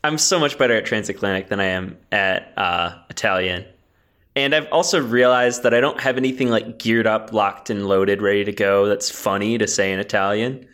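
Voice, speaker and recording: A man co-hosting a casual comedy podcast about games, goofy, laughing often and talking in quick bursts. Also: on the low side, a bit bright. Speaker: podcast co-host.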